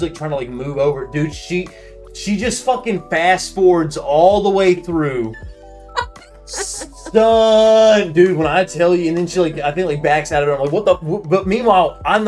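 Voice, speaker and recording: Animated, profane man telling a story. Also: on the high side. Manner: profane, acts out shouted reactions. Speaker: podcast co-host. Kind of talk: casual chat, animated storytelling.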